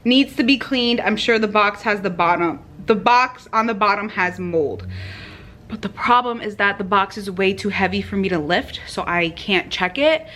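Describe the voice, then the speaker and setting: A young woman chatting casually to camera about her small business, animated and full of fillers. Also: medium pitch, moderate pace. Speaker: vlogger and small business owner.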